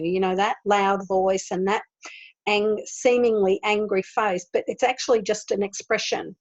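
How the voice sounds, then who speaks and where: A woman leading a spiritual discussion over a video call. She speaks at a middling pitch, earnest and animated, and she laughs often. The audio is slightly dull and lo-fi. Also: measured pace. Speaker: spiritual group leader. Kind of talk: informal spiritual talk.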